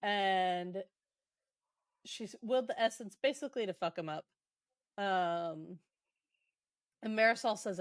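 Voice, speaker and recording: A woman's voice: medium pitch, slow pace, pauses often, clear, resonant tone, no echo, studio quality. A woman hosting a podcast, casually recapping a book in a chatty, irreverent way, swearing and laughing along. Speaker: podcast host.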